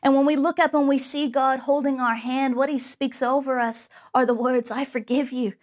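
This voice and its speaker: A woman's voice: high voice, little pitch movement, moderate pace. A woman preaching a sermon, telling a personal story in an earnest, storytelling way.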